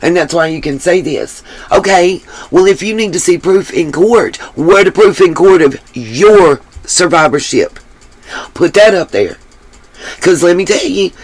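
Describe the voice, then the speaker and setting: A woman hosting her own livestream, talking bluntly and emphatically and swearing freely. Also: low voice. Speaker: livestream host. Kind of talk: livestream commentary.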